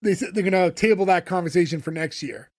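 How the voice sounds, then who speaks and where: A man's voice: sits high, fast, a little mellow. A man co-hosting a podcast, casually recapping a show episode in a rambling way full of fillers. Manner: rambling, filler-heavy retelling of scenes. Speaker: podcast co-host.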